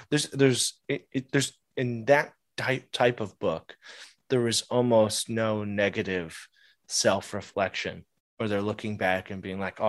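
A man's voice: fairly low pitch, fairly bright tone, dry recording, clean studio sound. A man co-hosting a podcast, chatting casually about politics, laughing often and restarting his sentences. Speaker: podcast co-host.

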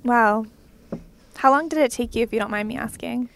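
A woman's voice: a little high, normal speed, vocal fry, a bit bright. A woman in a casual group conversation, speaking as a supportive listener.

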